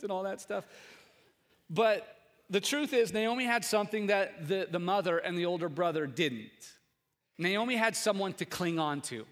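A man's voice: a little high, brisk, fairly bright tone, long reverb tail. A man in his thirties, a pastor, preaching an Easter sermon, telling a family story in a conversational way that builds to emphatic preaching.

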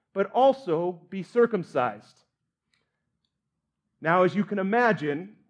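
A man's voice: high-pitched, highs cut off. A man pastor preaching a sermon in an earnest, candid way with light humor.

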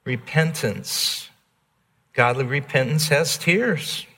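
An earnest pastor delivers a sermon, repeating key words and swinging between hushed passages and emphatic ones. His voice is bright and forward, his delivery slow and deliberate. The sound carries a long reverb, as in a church hall. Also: on the high side.

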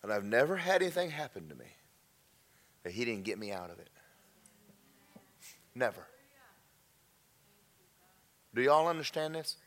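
A man preaching a sermon, telling an emotional testimony that drops to near-whispers and then rises loud. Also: mid-range voice, sing-song, measured pace, pauses often. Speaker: pastor.

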